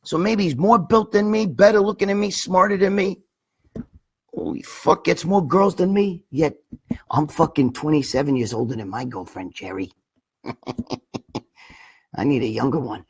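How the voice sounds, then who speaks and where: A man's voice: fairly high pitch, moderate pace, long pauses, husky. A middle-aged man hosting a live stream, chatting casually and bluntly with lots of swearing, rambling as he answers viewer questions. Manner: profane, rambling, blunt, reads viewer names aloud.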